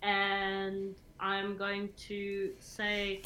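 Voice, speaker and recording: Bright woman player in an echoey room. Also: mid-range voice, flat delivery, moderate pace. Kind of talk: in-character role-play.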